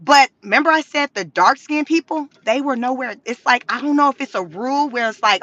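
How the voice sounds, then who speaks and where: A woman's voice: high-pitched, brisk, few pauses, dull audio. A woman vlogger telling stories in a car, talking casually with lots of slang, cursing and laughter. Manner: animated, profane, laughing, slangy. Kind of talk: casual storytelling to camera.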